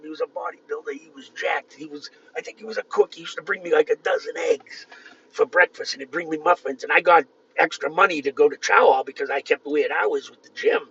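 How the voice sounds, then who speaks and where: A man in his fifties telling rambling personal stories in a gruff manner, swinging between loud outbursts and low muttering. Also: a little hiss or hum. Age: 50s. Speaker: vlogger. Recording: distant, dull lo-fi with faint ambience.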